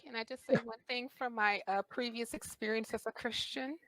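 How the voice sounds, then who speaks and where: A woman's voice: on the high side, fairly even intonation, a little fast, a bit bright, no room sound. A woman co-hosting a call-in show, blunt and sarcastic. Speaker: co-host. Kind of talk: casual call-in show chat.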